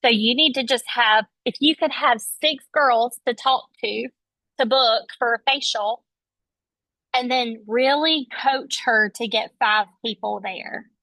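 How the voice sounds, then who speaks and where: A woman's voice: fairly high pitch, slow, pushed and bright, no echo. A woman leading her sales team on a video call, chatty and enthusiastic as she coaches. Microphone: video call, webcam. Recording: dull lo-fi call audio, dry.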